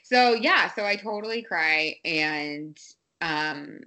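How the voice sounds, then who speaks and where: Bright-voiced chatty mother. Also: lowish voice, expressive, slow. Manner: chatty, candid, many fillers and restarts. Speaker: guest, parent. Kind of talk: casual podcast conversation.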